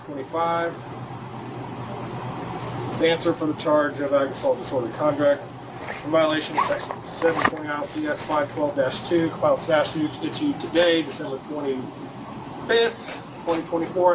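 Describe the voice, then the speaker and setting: A man's voice: fairly high pitch, sing-song, moderate pace. A man working as a police officer, firmly and procedurally reading a court notice to a detained woman at a gas station. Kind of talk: bodycam exchange. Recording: noisy body camera audio from a distance.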